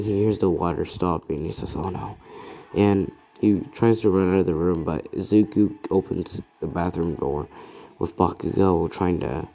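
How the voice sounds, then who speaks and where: Young man, low mellow voice, soft-spoken improvised storytelling, rambling and self-correcting. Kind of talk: improvised fan-fiction narration.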